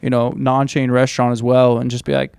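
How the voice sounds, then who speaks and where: A man's voice: mid-range voice, little pitch movement, brisk, a little mellow, clean tone, no echo, studio quality. A young man telling loose, rambling stories on a podcast, full of fillers and swearing. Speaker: podcast host. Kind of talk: casual storytelling chat.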